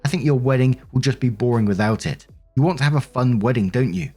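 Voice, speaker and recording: A man's voice: mid-range voice, fast, mellow, husky, soft background music, lightly acted. A man voicing a self-pitying, defensive middle-aged mother who complains in a whiny, indignant, sarcastic way.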